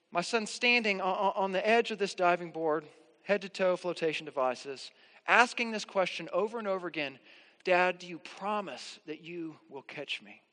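A man's voice: high voice, a bit bright, in a large hall. A man preaching a sermon as pastor, earnest and reassuring, with emphatic rises.

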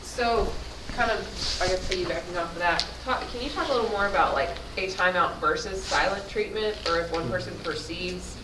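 A woman asks a hesitant question from the audience, her voice low. She sounds roomy and far from the mic, with clear background noise. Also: a little fast. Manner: hesitant, searching for words. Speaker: audience member asking a question.

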